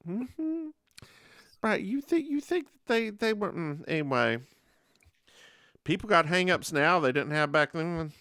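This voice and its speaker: A podcast co-host chatting casually, voice swooping up and down with real liveliness. The tone is bright and forward, and the sound is close and dry, with no room around it. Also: medium pitch, measured pace, long pauses, dry recording. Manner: animated, laughing storyteller. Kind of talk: casual chat.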